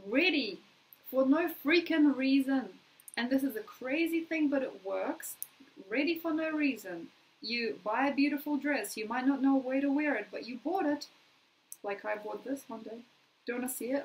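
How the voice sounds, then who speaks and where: A woman's voice: high-pitched, moderate pace, low-quality recording. An Australian woman giving a casual, chatty astrology forecast, playfully acting out little quoted requests.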